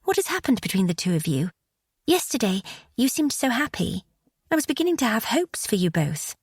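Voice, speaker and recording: Woman reading fretful young lady, high pleading voice, husky, dry close audiobook sound. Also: sing-song, brisk, dry recording, heavily acted. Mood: worried pleading. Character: fretful young English lady, eager and kind.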